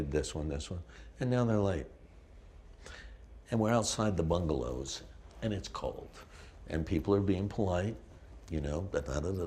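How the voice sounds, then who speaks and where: An older man, an actor, telling stories in a lively, casual conversation, swearing freely. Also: deep voice. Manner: animated storyteller, swears freely.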